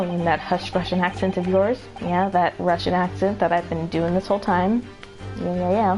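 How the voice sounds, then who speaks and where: A woman's voice: fairly low pitch, flat delivery, moderate pace. Woman streamer joking over game music. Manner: joking, stumbling over words. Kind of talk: casual game commentary.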